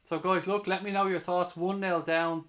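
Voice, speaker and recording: A man's voice: sits high, flat delivery, moderate pace, a bit bright. A man doing live match reaction as a fan channel host, mixing play-by-play with heated, sweary rants.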